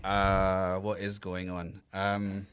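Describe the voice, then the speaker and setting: A man's voice: sits low, completely flat delivery, fairly bright tone, clear, resonant tone, dry recording. A Scottish man hosts a loose, friendly podcast chat. He often trips over his words and restarts. His voice sits close and dry on the mic. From Scotland. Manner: halting, lots of fillers and restarts, laughs easily. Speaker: podcast co-host. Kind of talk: casual chat. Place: Australia, remote call.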